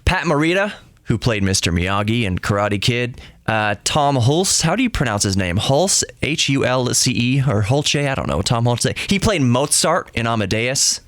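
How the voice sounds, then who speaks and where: A man's voice: medium pitch, sing-song, moderate pace, fairly bright tone, no echo, clean studio sound. A man hosting a podcast, chatting casually and joking as he tells a story about his family. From Texas. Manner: chatty, self-interrupting, joking. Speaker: podcast host.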